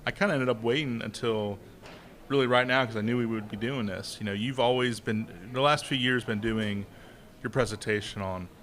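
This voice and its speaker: A man's voice: medium pitch, steady tone, normal speed, a bit bright. A man hosting a casual live interview, joking loosely and restarting his sentences as he leads into questions. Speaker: host.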